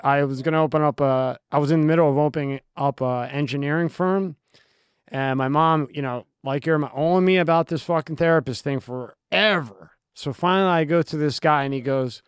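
Blunt Philly man with a crisp, dry voice. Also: on the high side, no room sound. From South Philadelphia. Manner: blunt and profane, quick to laugh. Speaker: host. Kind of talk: casual chat.

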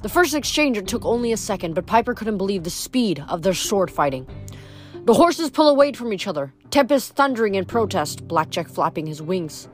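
A woman reading a novel aloud in an unhurried way, with small slips and restarts. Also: medium pitch, big pitch swings, faint music behind. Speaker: reader.

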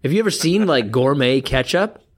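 A man's voice: medium pitch, animated, normal speed. A man co-hosting a casual chat show, blunt and opinionated, teasing his partner. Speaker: podcast co-host.

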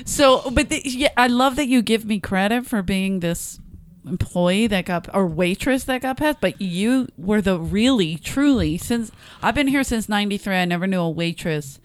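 A woman's voice: mid-range voice, animated, moderate pace. A middle-aged woman hosting a comedy podcast, teasing and giggling often. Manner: giggly, teasing, playful voices. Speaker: podcast host. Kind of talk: casual podcast chat.

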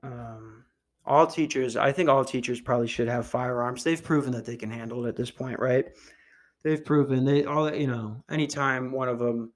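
A young adult man hosting a podcast, delivering a dark comedy monologue in a dry, deadpan way. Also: medium pitch, moderate pace. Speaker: podcast host.

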